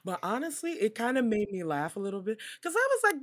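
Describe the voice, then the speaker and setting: A woman's voice: mid-range voice, sing-song, quick pace. A woman chatting casually about a movie, swearing freely and acting out her own reactions. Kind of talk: casual chat recapping a movie.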